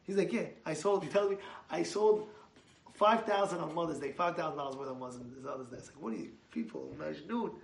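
Male rabbi, high-pitched, chatty sermon full of anecdotes; recorded at a distance in a roomy hall. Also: fast talker, a little hiss or hum. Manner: animated, acts out quotes with raised voice. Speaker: rabbi giving a Torah talk. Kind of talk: casual sermon with storytelling. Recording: echoey room from far off.

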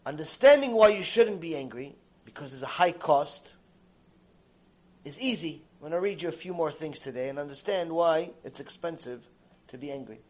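Male religious teacher, emphatic storyteller, high and very expressive. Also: moderate pace. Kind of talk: recorded Torah lecture with storytelling.

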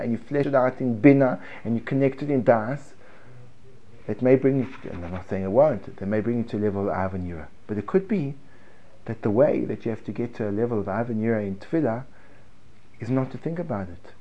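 A man teaching a Torah class, animated, swinging between loud emphasis and hushed tones. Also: medium pitch, muffled recording.

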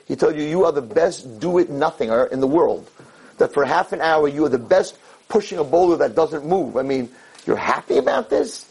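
A man's voice: a little high, expressive, normal speed, gravelly, darkish tone, slightly rough, full character voice, low-quality recording. A man voicing the devil as a mean male angel who sneers and confides in a storytelling sermon. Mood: mocking.

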